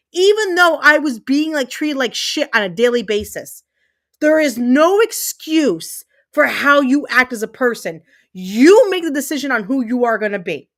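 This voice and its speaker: On her livestream, a thirtysomething host with a high-sitting, fairly bright voice is furious. Her rant is repetitive and forceful, laced with profanity.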